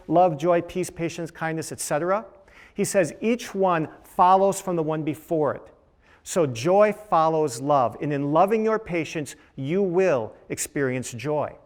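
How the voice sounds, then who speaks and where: A middle-aged man speaks on a panel in a lecture room, talking into a microphone at a podium. His voice sits a little high for a man. He tells his story with quoted voices and rhetorical questions. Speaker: panelist, dermatologist. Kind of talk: panel talk to students.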